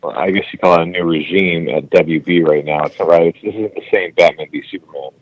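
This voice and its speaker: A man's voice: low-pitched, brisk, breathy edge, lo-fi sound. A man co-hosting a casual podcast, blunt and opinionated, swearing as he argues his points. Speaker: podcast co-host. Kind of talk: casual chat.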